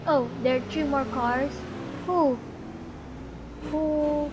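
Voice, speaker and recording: A woman's voice: high voice, steady tone, drawn-out words. A young woman casually commenting on her own gameplay, chatty and exclamatory, calling out to other players. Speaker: gaming channel host. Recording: muffled lo-fi audio with noise.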